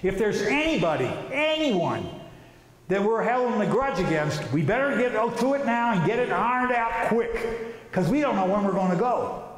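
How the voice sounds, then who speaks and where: A man's voice: high voice, very animated, normal speed. A man presenting an informal religious talk, telling the story vividly and casually with slang. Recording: echoey hall reverb.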